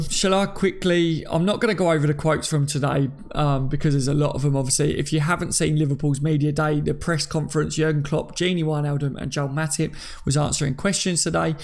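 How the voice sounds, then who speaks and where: Brief: Cockney male host, chatty live-stream talker, slightly high gravelly voice, reads out viewer comments. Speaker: fan channel host. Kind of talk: casual live-stream chat.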